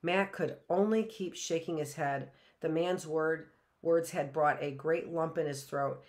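A woman teacher reading a children's story aloud, slow and deliberate. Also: sits low, darkish tone.

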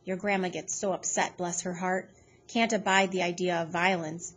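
A woman's voice: lowish voice, steady tone, moderate pace, a little hiss or hum, lightly acted. Woman voicing a tired old grandpa. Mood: weary. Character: gruff protective elderly grandfather, tired.

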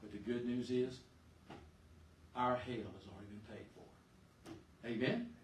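A male pastor preaching a sermon in a church, emphatic, swinging between loud and soft and asking the congregation questions. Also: mid-range voice, steady tone, measured pace, slight background noise. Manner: emphatic, rises and drops sharply in volume, asks the congregation questions. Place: church sanctuary. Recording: echoey church room, far mic.

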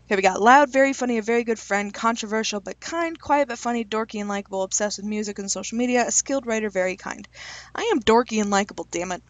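Young woman, casual vlog chatter, self-mocking jokes, slightly high pitch. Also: dry recording. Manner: chatty, self-deprecating, reads questions aloud and answers with quick jokes. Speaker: YouTuber taking online quizzes.

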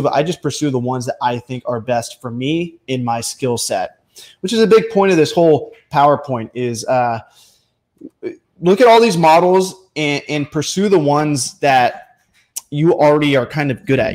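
A young man talking casually about running a business, joking and lively, slipping into quick animated voices when he acts out other people. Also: mid-range voice. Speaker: online bookselling coach. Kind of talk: casual instructional talk to camera.

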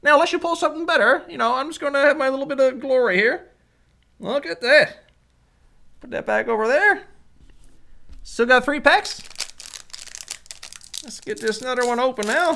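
Lively high-voiced woman. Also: normal speed, creaky, pauses often. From Canada. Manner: excitable, reads card names aloud one by one. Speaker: channel host. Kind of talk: casual card-opening commentary.

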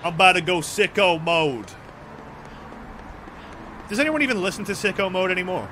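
A man's voice: high voice, animated, moderate pace, sharp tone, a little hiss or hum. A young man streaming a video game, swearing a lot, joking and reading the dialogue aloud. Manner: sweary, playful, reads game text aloud. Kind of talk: let's play commentary.

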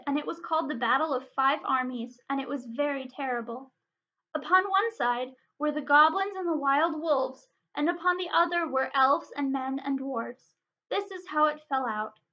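Bright-voiced woman reading a storybook aloud. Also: high voice, normal speed. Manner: expressive, dramatic reading. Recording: dull lo-fi recording.

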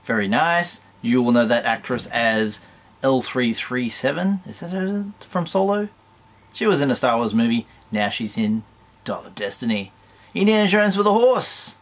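A man's voice: mid-range voice, expressive, normal speed. A man with an Australian accent hosting a toy collector channel, chatting casually and enthusiastically with wry asides. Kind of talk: casual chat reviewing toy news.

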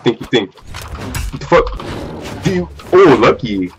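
A man's voice: medium pitch, very animated, slow pace, a little hiss or hum. Hyped young man trash-talking over gameplay. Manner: hyped trash talk, swears, repeats phrases. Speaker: gamer. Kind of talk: live gameplay commentary. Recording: faint game music behind.

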